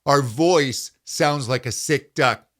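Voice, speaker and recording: A middle-aged man teaching a voice lesson as a vocal coach, calmly explaining and demonstrating hums and pitch slides. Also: slow.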